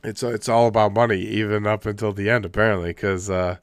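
A man co-hosting a podcast in casual chat, animated and full of "like", acting out quotes in funny voices. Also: on the low side, a little fast, clear, resonant tone, no room sound, clean studio sound. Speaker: podcast co-host.

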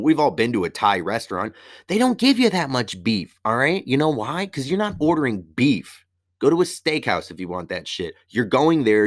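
A man telling a story as a profane comedic rant, animated, with heavy swearing and sudden leaps up in pitch. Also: dry recording, studio quality.

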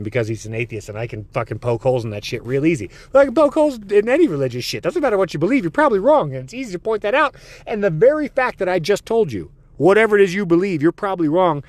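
Male podcast host, profane and excitable, lively pitch. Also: no echo. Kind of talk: comedic podcast monologue.

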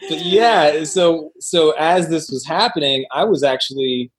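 A man speaking as a guest, telling his side of a story in a relaxed, joking way during a casual conversation. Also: a little high, a little slow.

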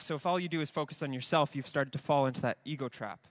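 A man delivers an earnest sermon in a fairly high voice. He talks plainly to the congregation, slips into quoted asides and often restarts a sentence mid-thought. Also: animated, fast talker, hardly any pauses, a bit bright. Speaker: pastor.

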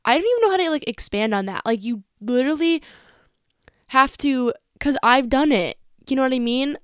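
Candid young woman podcaster, clear dry voice. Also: high-pitched, lively intonation, normal speed, no room sound. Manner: candid, motivational, uses slang and swearing. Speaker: podcast host. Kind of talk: casual solo podcast talk.

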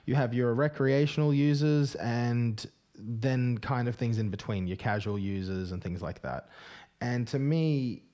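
A podcast host speaks in casual chat. He lays out his opinions earnestly and reflectively, in a voice of ordinary middle pitch. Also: measured pace, warm tone. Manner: earnest, reflective opinion-giving, punctuated by "right?".

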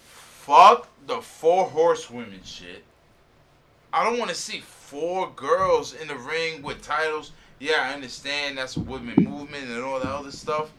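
A man's voice: a little high, normal speed, hardly any pauses, fairly bright tone. A man hosting a casual wrestling podcast, opinionated and emphatic, swearing often. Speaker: podcast host.

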